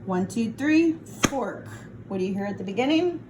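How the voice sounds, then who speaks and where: A woman teacher leading a phonics lesson on her phone, sounding out words slowly and patiently. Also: a little high, lively intonation, background noise. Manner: slow, patient, encouraging sounding-out. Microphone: phone, set down and picked up.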